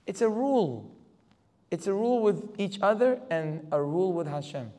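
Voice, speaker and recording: A man teaches a religious class in a slightly high voice, moving from quiet asides to insistent, climbing emphasis. He peppers his points with rhetorical questions. The sound carries a long reverb, as in a hall. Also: sing-song, normal speed. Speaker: Torah teacher. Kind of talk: religious lecture.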